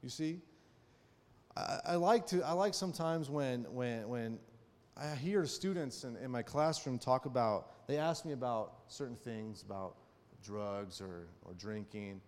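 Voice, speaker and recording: A man giving a conversational sermon, telling personal stories and often checking in with his listeners with quick rhetorical questions. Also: medium pitch, darkish tone. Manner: personal storytelling. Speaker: preacher. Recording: long hall reverb.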